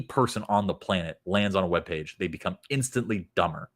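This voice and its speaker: Blunt man reviewing copy, deep low voice, sarcastic asides. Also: animated, fairly quick. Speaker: copywriting critic. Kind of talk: casual critique of web copy.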